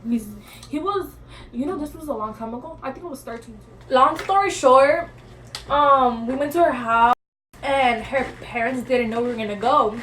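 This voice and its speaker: A young woman telling a story in an animated, slangy way, acting out what people said. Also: high-pitched, brisk. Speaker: guest storyteller. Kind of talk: casual storytelling. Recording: off-mic voice with faint noise.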